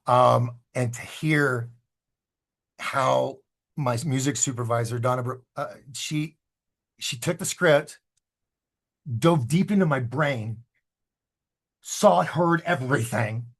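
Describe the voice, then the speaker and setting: A filmmaker guest in a casual interview tells stories in a gravelly, medium-pitched voice, taking it slowly and pausing often. He's animated and acts out the voices of the people he quotes.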